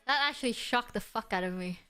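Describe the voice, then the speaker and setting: Streamer, female, high bright voice, playful and foul-mouthed, faint music behind. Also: fast, smooth. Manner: playful, swears freely. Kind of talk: casual livestream chat.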